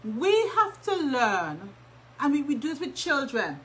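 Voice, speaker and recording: A woman co-hosting a relaxed advice talk, stressing her points and saying them twice. Her voice is bright and a little high, and a faint hiss of background noise sits under it. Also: measured pace, rough recording. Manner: emphatic, repeats key points. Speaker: co-host.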